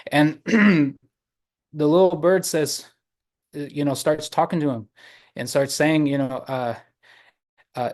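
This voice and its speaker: A man telling a traditional story to an online audience, unhurried, with many pauses and fillers. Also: mid-range voice, steady tone, darkish tone. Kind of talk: oral storytelling. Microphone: video call.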